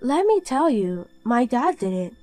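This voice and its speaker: Woman doing a calm young woman, cool and pointed, higher voice, animated story voice-over, faint music behind. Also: unhurried.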